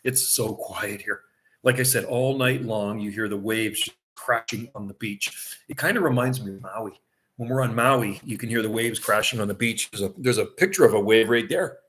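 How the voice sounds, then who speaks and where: A man's voice: on the low side, moderate pace, a bit bright, a little hiss or hum. A middle-aged man chatting casually on a livestream from a seaside vacation home, rambling and laughing often.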